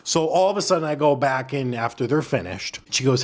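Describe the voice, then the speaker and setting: Podcast co-host, male, crude and animated raconteur. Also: medium pitch, a little fast, few pauses. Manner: crude, animated storyteller who acts out quotes. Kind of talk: casual storytelling chat.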